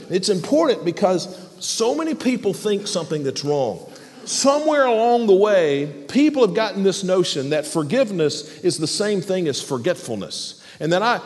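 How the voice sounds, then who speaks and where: A man, a pastor, preaching a sermon with emphasis, often repeating words as he presses a point. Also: sits high. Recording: long hall reverb.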